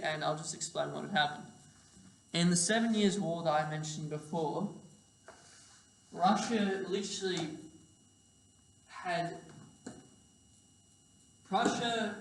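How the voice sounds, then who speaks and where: A man's voice: fairly high pitch, a bit bright. Tired casual man lecturing in an echoey hall. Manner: rambling, casual, swears and self-corrects. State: tired, sleep deprived. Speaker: history presenter. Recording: echoey hall, distant mic, faint hum.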